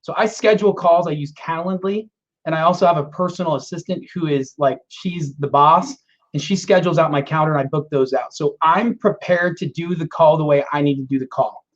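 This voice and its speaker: Guy with a high voice walking through his process step by step, kinda muffled audio. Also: fairly quick. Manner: explains step by step, acts out client calls. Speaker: loan officer, podcast regular. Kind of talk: casual podcast talk.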